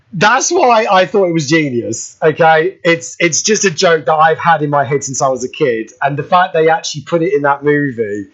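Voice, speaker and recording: A British man hosting a radio show in casual chat, excitable and quick to burst out laughing. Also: fairly high pitch. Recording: dull lo-fi radio audio.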